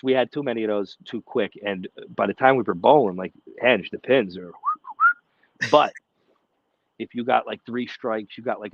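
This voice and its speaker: A man co-hosting a casual podcast chat, telling animated, profane stories and acting out shouted quotes. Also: lowish voice, dry recording, muffled recording. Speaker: podcast co-host.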